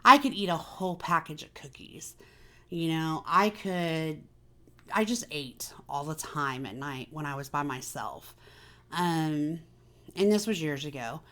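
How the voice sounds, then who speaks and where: A woman's voice: sits low, animated, unhurried, a bit bright. A woman hosting a casual personal chat, talking candidly and confidingly with many fillers. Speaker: vlog host.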